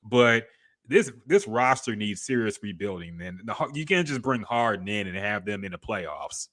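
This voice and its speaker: Co-host type, man with a bright, forceful voice, blunt and salty, chatty sports banter. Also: on the low side, expressive, moderate pace. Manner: blunt, profane, reads out viewer comments. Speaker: podcast co-host. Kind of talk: casual sports chat.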